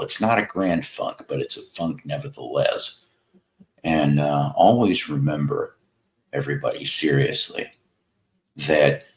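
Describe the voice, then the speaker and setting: A man in his fifties with a Mid-South American accent and an extremely low, deep voice. He talks slowly and rambles through casual livestream chat with sardonic asides. He greets viewers by name as he goes. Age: 50s. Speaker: livestream host.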